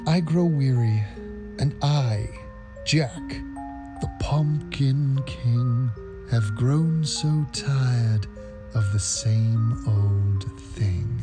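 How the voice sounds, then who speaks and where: A man voicing a gloomy, theatrical skeleton king in a slow, drawn-out, mock-solemn delivery. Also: medium pitch, over music. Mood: weary.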